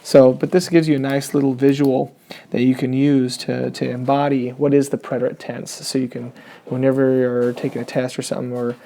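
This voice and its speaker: A man's voice: mid-range voice, little pitch movement, brisk, dark tone. A man teaching a Spanish grammar lesson, explaining step by step and checking in often.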